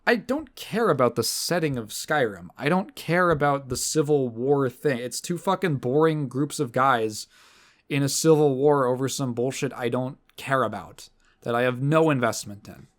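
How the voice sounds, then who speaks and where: A man's voice: mid-range voice, expressive, moderate pace. A man hosting a podcast in casual chat, rambling and sardonic, swearing freely with lots of fillers and restarts. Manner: fillers and restarts, mocking quoted voices. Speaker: podcast host.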